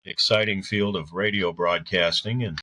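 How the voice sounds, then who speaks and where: Deep-voiced older man, bright tone. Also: normal speed, a little hiss or hum. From Belleville, Illinois area. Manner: relaxed storyteller with fillers. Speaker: guest, arena PA announcer. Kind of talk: casual interview chat.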